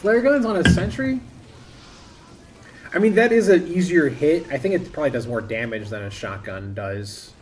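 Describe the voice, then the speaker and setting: A man's voice: fairly high pitch, lively intonation, moderate pace, a little mellow, slight background noise. A man commentating casually while streaming a shooter game, rambling and joking at his own play. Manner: rambling, self-deprecating, talks over the action. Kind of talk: live gameplay commentary.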